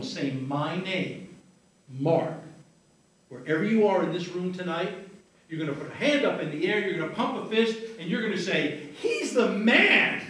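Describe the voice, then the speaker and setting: Stage hypnotist, male, higher voice, soothing patter, taped far from the stage in a reverberant venue. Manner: slow soothing suggestions, then apologetic banter. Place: live venue with audience. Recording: echoey room, taped from afar.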